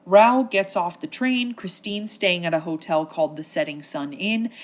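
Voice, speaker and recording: A woman's voice: lowish voice, normal speed. A woman hosting a comedic book synopsis, narrating in a wry, chatty, slangy way. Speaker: host.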